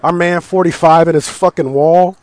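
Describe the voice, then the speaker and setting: A man's voice: a little high, moderate pace, dry recording. An American man hosting a casual talk show, ranting about sports with lots of swearing, laughs and restarts. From United States. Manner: loose, swearing, laughs and restarts, animated outbursts. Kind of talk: casual profane sports rant.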